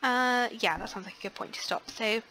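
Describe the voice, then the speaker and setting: A young woman chatting casually through a life-sim let's play, excitable, gasping and filling pauses with ums. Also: on the high side, noisy background. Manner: chatty and excitable, frequent gasps and fillers. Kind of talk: casual gameplay commentary.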